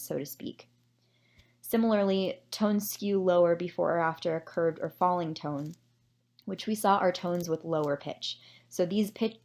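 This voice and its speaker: Woman with a lowish voice going over a study, measured and explaining, the odd um. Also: a little mellow. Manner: measured, explanatory, with occasional fillers. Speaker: presenter summarizing a research paper. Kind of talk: scripted academic presentation.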